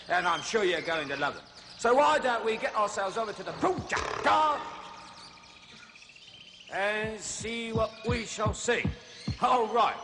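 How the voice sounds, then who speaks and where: Bwana Clyde Batty, a very high jungle explorer. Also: male voice. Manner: hearty, exclaiming showman patter. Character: jolly male jungle explorer zoo host. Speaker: show host character. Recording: hissy old TV recording.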